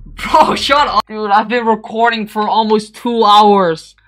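A young man giving excited gameplay commentary, rambling with fillers and breaking into screams and laughter. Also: high voice, measured pace. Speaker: gamer recording gameplay. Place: indoors at a computer, in voice chat. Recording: game music playing faintly behind.

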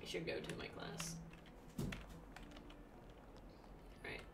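A young woman streaming a video game, chatting excitedly to herself and breaking into sudden squeals. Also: slow pace, distant mic, background noise. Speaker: let's play streamer. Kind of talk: casual gameplay commentary.

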